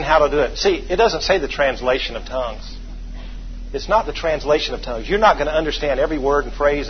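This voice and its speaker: Man, preacher, sermon, folksy stories, call-and-response, quiet asides to loud emphasis, slightly high voice, muffled recording. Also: slight background noise.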